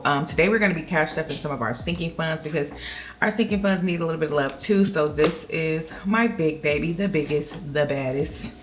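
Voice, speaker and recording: Low-voiced woman chatting while counting cash. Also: background noise. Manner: chatty, counts money aloud in a slow steady rhythm. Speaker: budgeting vlogger. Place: indoors at home.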